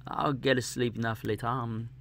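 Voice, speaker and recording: A man's voice: medium pitch, flat delivery, moderate pace, vocal fry, fairly bright tone, slight background noise. A man voicing a kind young peasant servant in a story reading, speaking in a hearty, willing way. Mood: reassuring.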